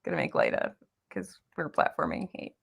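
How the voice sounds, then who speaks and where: A woman's voice: low voice, huge pitch swings, normal speed, vocal fry, husky. A young American woman hosting a casual book chat, joking and laughing often. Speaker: booktuber host.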